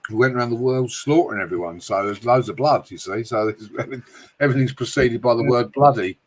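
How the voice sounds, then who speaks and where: A man's voice: mid-range voice, a little fast. Joking British man hosting a livestream. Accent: British English. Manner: jokey, swearing, frequent laughs. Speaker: livestream host reading chat. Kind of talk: casual livestream chat.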